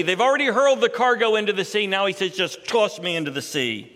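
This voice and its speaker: A middle-aged man preaching a sermon as a pastor, working through a scripture passage and rising sharply in pitch and force to stress key points. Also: expressive, fast, hardly any pauses, sharp tone, long reverb tail.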